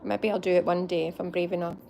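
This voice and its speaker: A woman's voice: on the low side, little pitch movement, quick pace, warm tone, a little hiss or hum. A Scottish woman hosting a casual livestream, bubbly and laughing often as she chats to viewers by name. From Scotland. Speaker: livestream host. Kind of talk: casual live chat with viewers.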